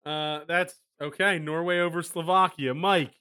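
A man's voice: on the high side, fairly even intonation, sharp tone, clean tone. A man hosting a casual betting podcast, moving things along and calling on each co-host for picks. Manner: brisk, moves the show along.

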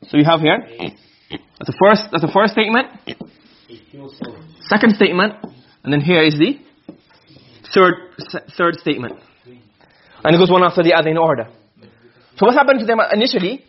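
A man's voice: sits high, expressive, a little fast, pauses often. A man teaching a classroom lesson on Quranic rhetoric, asking questions and answering them himself. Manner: asks and answers his own questions. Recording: dull lo-fi recording.

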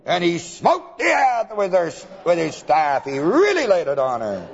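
A man's voice: high voice, wildly swooping pitch, measured pace, breathy edge. A man preaching a folksy Bible lesson, retelling scripture in colloquial words with frequent chuckles. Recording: dull lo-fi recording.

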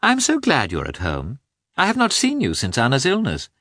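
A man reading aloud and voicing an ironic, fashionable society princess, lifting to a high, airy tone. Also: huge pitch swings, moderate pace, pushed and bright, no room sound, clean studio sound, heavily acted. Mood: affable, ironic.

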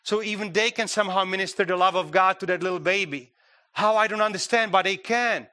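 A man's voice: sits high, a little fast, bright, forceful tone. A man preaching a sermon in a church, talking conversationally with many fillers and restarts. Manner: conversational, frequent "you know" fillers and restarts. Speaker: guest preacher.

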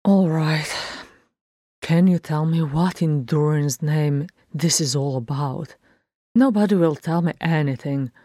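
A woman's voice: low-pitched, a little slow, mellow, dry recording. A woman voicing an anxious young male dwarf prince in a fan fiction reading, urgent and full of questions.

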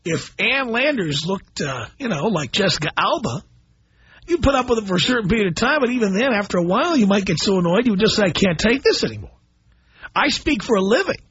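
A middle-aged man hosting a call-in radio show, blunt and animated as he tells stories to his listeners. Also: high voice, fairly quick, long pauses, slightly rough, no room sound. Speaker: radio talk show host. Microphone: studio microphone. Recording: dull broadcast audio.

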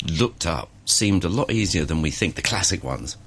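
Lively low-voiced male radio host. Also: normal speed, breathy edge. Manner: chatty, laughs easily. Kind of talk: casual morning radio chat.

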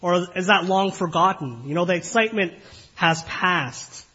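Husky-voiced man preaching a sermon. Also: high voice, bright, forceful tone. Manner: earnest, measured preaching with frequent fillers and rhetorical questions. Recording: dull lo-fi recording.

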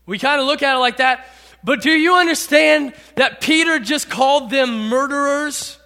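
Pastor guy preaching, really high bright voice, big echoey church hall, gets loud and dramatic. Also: lively intonation, a little fast. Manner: dramatic, acts out quotes, rises to shouts. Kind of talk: sermon. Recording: long reverb of a large hall.

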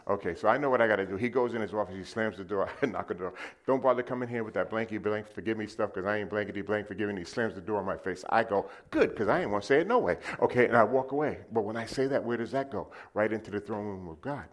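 Deep-voiced man preaching, loud and hushed. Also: fast talker, few pauses. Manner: storytelling with shifts from loud to hushed. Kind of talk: sermon.

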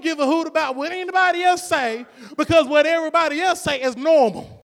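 A man's voice: very high-pitched, a little fast, fairly bright tone. A man preaching a sermon as pastor, in a rhythmic, repetitive preaching style with rising fervor. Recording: long hall reverb.

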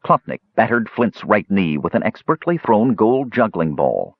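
A man reads fantasy narration with dramatic expression and a lively, rolling pitch. His voice is low and husky. The recording is dry and slightly muffled. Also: normal speed, dry recording. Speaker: audiobook narrator.

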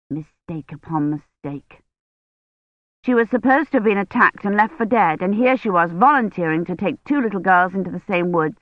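Low-voiced woman narrating a story. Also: lively intonation, moderate pace, dry recording. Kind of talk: audiobook narration. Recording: dull dry lo-fi recording.

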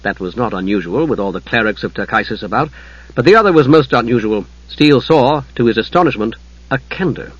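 A man narrating a fantasy novel as an audiobook in a measured, dramatic storytelling manner. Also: mid-range voice, animated, breathy edge, no echo, highs cut off.

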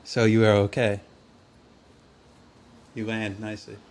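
A laid-back man with a fairly low voice, co-hosting a casual podcast. He mostly chimes in with quick agreements and short asides. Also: little pitch movement. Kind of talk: casual comedic chat.

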